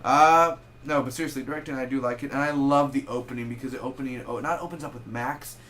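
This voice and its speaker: A young man giving a casual spoken movie review, rambling and correcting himself as he goes. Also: mid-range voice. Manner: rambling, self-correcting, animated with quick asides.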